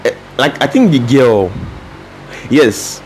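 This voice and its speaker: A young Nigerian man co-hosts a podcast, chatting casually but hesitantly with many restarts and fillers. His medium-pitched, slightly mellow voice moves slowly and swings widely in pitch. The recording is rough, with faint background noise.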